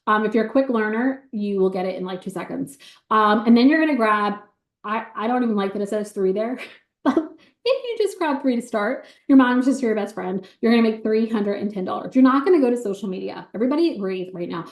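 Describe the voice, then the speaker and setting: A woman giving an excited, bubbly sales pitch on a video call, talking fast with many ums. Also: echoey room.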